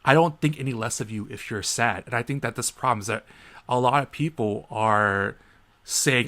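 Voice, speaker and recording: A man in his thirties co-hosting a casual podcast, an animated storyteller who acts out the people in his stories. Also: medium pitch, moderate pace. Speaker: podcast co-host.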